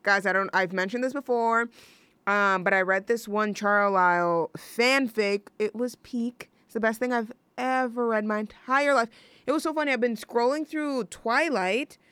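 A woman's voice: fairly high pitch, moderate pace, a bit bright, clear, resonant tone, dry recording. A young woman hosting a college radio show, chatting on her own in a rambling, gushing way full of fillers and restarts. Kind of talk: casual solo radio chat.

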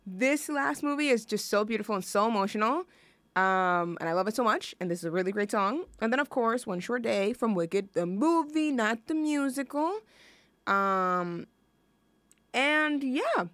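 A woman's voice: on the high side, lively intonation, normal speed, fairly bright tone, no room sound. A young woman hosting a music show in a casual, rambling chat, full of fillers and gushing asides.

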